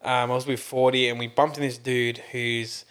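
Casting: young Aussie guy, mid-pitched voice, excitable, swears freely. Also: moderate pace. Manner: animated, sweary, laughing banter. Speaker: podcast co-host. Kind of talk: casual chat.

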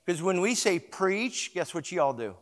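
Man preaching, higher voice, hall reverb. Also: big pitch swings, normal speed. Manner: swings from hushed storytelling to loud emphatic preaching; calls on congregation to repeat words. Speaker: pastor. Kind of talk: sermon with storytelling.

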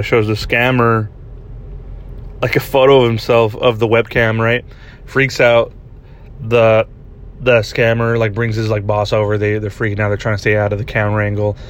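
A young man hosting a podcast, telling a story in a casual, rambling way, swearing often and restarting his sentences. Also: on the low side. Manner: rambling and profane, many restarts. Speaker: podcast host. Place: parked vehicle.

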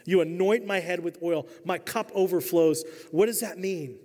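Joking preacher in a big hall. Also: male voice, high voice, normal speed, a little mellow. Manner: humorous storytelling preacher. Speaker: pastor. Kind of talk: sermon. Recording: long reverb of a large hall.

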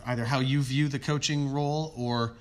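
A man's voice: mid-range voice, steady tone, normal speed. A man interviewing a coach, asking long rambling questions full of hedges and fillers. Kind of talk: conversational interview.

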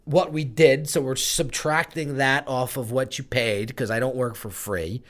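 A man's voice: medium pitch, measured pace, fairly bright tone. A man telling his own story in a conversational interview, candid and emotional, swearing now and then. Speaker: guest, brand strategist.

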